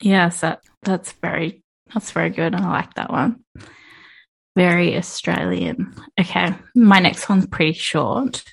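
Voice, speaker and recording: A woman co-hosting a podcast in casual chat, animated and giggly, with many fillers. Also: on the low side, unhurried, creaky, husky. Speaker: podcast co-host.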